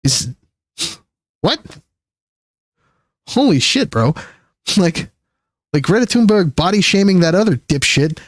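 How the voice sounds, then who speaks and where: A man streaming live, ranting in rambling, profane commentary. He jumps from high outbursts to low mutters. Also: big pitch swings, slow pace, pauses often, no room sound, clean studio sound. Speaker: livestreamer.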